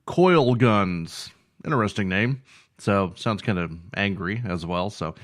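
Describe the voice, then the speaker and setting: A man with a somewhat low voice hosts a casual music review show. He rambles through his opinions with plenty of fillers and restarts, poking fun at himself like someone who has just rolled out of bed. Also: slow. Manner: rambling, self-deprecating, full of fillers and repeats. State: just woken up.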